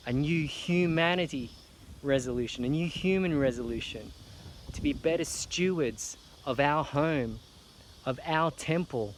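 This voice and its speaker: A man speaks in a slow, earnest, emotional way, near tears, repeating his phrases for emphasis. His pitch sits in the middle range. A faint ambient hiss sits behind him. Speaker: artist. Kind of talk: heartfelt personal appeal to camera.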